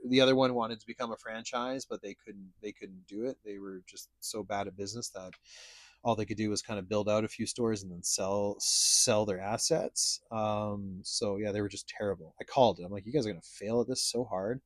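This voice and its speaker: A man's voice: fairly low pitch, no echo, studio quality. A man hosting a casual podcast chat, telling stories in a blunt, profane, rambling way. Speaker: podcast host.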